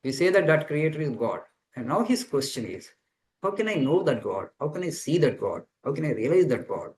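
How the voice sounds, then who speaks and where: Earnest monk teaching over a video call. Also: male voice, a little high, big pitch swings, brisk, a little mellow, low-quality recording. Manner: earnest, explanatory, repeats phrases while searching for words. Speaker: monk answering students' questions. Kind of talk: spiritual teaching talk.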